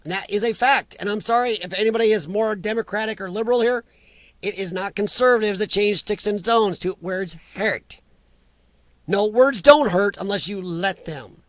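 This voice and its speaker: High-voiced man ranting on a stream. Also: normal speed, a bit bright, no room sound. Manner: opinionated, ranting, blunt. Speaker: live stream host. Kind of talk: casual live-stream chat reading comments.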